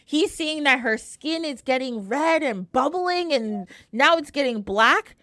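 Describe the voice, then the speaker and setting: A woman retells an old myth casually in a lively, swooping voice, dropping "like" constantly. She sits a little high in pitch for a woman, and the sound is dry and close. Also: measured pace, no room sound. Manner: animated, heavy use of "like". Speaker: podcast guest. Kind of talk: casual storytelling.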